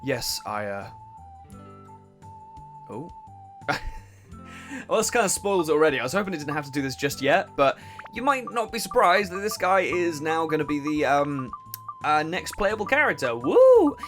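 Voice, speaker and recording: A young man giving casual, swearing, laughing commentary on a game he plays, and he keeps clearing his throat. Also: on the high side, lively intonation, normal speed, fairly bright tone, faint music behind. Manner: chatty, swearing, laughs a lot, self-interrupting. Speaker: let's play host.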